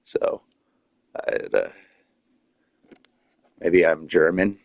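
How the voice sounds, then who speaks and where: A man's voice: low-pitched, a little slow, vocal fry, no room sound. A man chatting casually on a live stream, rambling with many fillers and frequent laughs.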